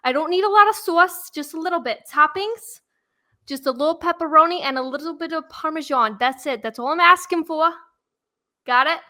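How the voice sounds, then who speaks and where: A woman's voice: high-pitched, moderate pace, bright, forceful tone, pitched above the performer's own voice. A woman doing a put-on New York accent, playing a bossy pizza customer who gives clipped orders.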